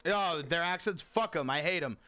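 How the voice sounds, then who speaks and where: A man's voice: on the high side, normal speed, sharp tone. A man from Rhode Island co-hosting a casual horror movie discussion, joking and swearing. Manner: joking, profane, mocks voices. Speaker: podcast co-host.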